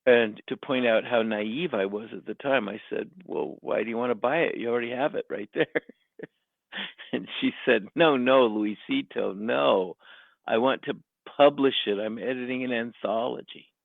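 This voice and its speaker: A man, a writer, telling a story in a relaxed interview, animated and laughing often as he acts out the voices of people he quotes. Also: medium pitch, moderate pace, vocal fry, dry recording. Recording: tinny phone-line sound.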